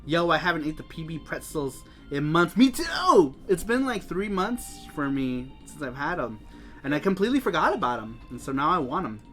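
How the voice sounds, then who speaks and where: A man's voice: fairly high pitch, sing-song, a little fast, a bit bright, soft background music. A man hosting a casual live stream, chatty and laughing often as he reads the chat aloud. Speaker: show host.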